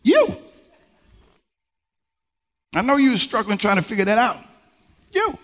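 A male pastor preaching a sermon in a style, swinging from low murmurs to high exclamations. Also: racing, a bit bright. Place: church sanctuary. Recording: long reverb from a large church hall.

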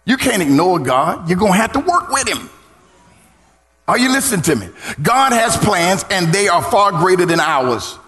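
A middle-aged man preaching a sermon as pastor, swinging into sung, shouted lines and calling on the congregation to respond. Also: high-pitched, sing-song, normal speed. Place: church. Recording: church hall reverb.

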